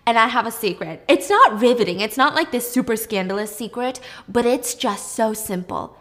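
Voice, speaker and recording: Brief: chatty woman vlogger, fairly high voice, animated, gossipy recap delivery. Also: moderate pace. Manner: gossipy and animated, acts out lines.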